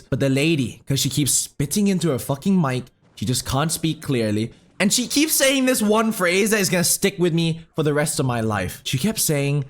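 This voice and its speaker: A young man commenting on his own gameplay while telling a rambling story. He is excitable, swears freely, talks in slang and mutters about his moves as he plays. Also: fairly high pitch, a little fast. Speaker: gaming commentator. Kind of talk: casual storytelling over live gameplay.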